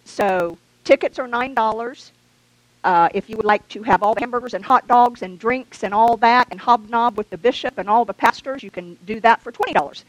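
A woman's voice: a little high, brisk, no echo, poor audio. A woman reading out church announcements in a chatty, easygoing way, with laughing asides. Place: church sanctuary.

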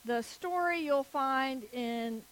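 A woman preaching a sermon, telling a story slowly and deliberately. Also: high voice, fairly bright tone, rough recording.

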